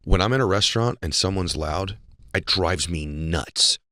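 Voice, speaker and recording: A man's voice: low-pitched, moderate pace, no room sound, clean studio sound. A man hosting an interview, chiming in with short affirmations and telling brief anecdotes in a casual way. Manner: frequent short affirmations, animated when telling his own story. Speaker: podcast host.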